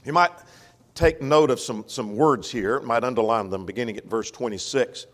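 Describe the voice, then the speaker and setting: At a church, a man with a medium-pitched voice teaches a Sunday Bible class at normal speed, captured with long church reverb. His style is folksy, and he frequently checks that the class is following along.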